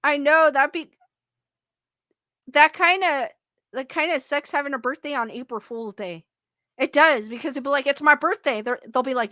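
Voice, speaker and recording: A woman's voice: sits high, moderate pace, sharp tone, no room sound, clean studio sound. A woman in her late thirties hosting a live stream, reading viewers' comments aloud and chatting casually, giggling often and breaking into playful sing-song jokes.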